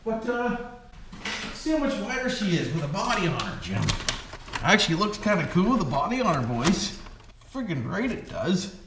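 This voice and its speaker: A high-voiced Canadian man with big pitch swings talks at normal speed in a casual RC truck vlog on his hobby channel. He's folksy and jokey, leaning on "boys" and "why wouldn't we," and the room echoes with some background noise.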